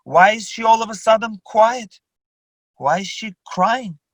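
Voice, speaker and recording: A man, a rabbi, giving a religious lecture over a video call, teaching deliberately and emphatically with rhetorical questions. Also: high voice, no echo, poor audio.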